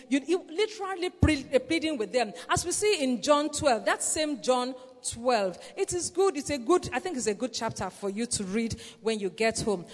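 High-voiced woman preaching in a reverberant hall. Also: lively intonation, moderate pace, hardly any pauses. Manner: earnest, repetitive exhortation with "Praise the Lord" interjections. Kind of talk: sermon.

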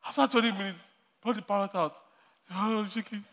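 This preacher's voice is high-pitched and a bit bright, a little fast, with fairly even intonation. He weaves stories into his sermon with frequent laughter and repeats key lines, captured in a long hall reverb.

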